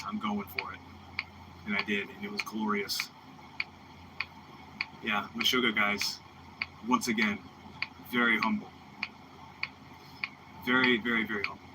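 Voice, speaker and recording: A man in his thirties, a bassist, telling backstage stories in a rambling, animated way, full of "dude" and "man.". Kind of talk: casual chat. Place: studio room. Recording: clearly noisy background with ticking.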